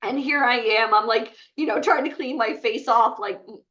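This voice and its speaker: A woman's voice: fairly high pitch, normal speed, fairly bright tone, far from the mic, muffled recording. A woman speaking to a live group, retelling a personal story in a chatty way with many fillers. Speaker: bootcamp speaker.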